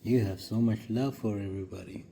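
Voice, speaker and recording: A man's voice: fairly low pitch, fairly even intonation, fairly quick, vocal fry, warm tone, slight background noise. A man filming a casual vlog, talking soothingly to his cat. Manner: talks soothingly to a pet. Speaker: pet vlogger.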